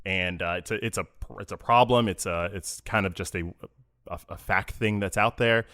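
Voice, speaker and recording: Man, podcast co-host, low voice, earnest, halting storytelling, casual chat. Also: fairly bright tone. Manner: earnest storytelling with many restarts.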